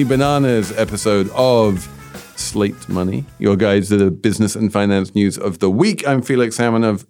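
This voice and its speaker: A man with a British accent hosting a finance podcast, talking in a wry, lively way with playful emphasis. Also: fairly low pitch, moderate pace, faint music behind. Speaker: podcast host. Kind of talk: casual podcast chat.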